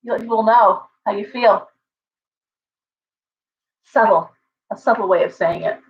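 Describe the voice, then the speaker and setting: A woman's voice: medium pitch, measured pace, highs cut off, a little hiss or hum. A woman hosting a casual livestream from home, chatting in a rambling way with viewers and her pet bird. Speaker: livestream host and tarot reader.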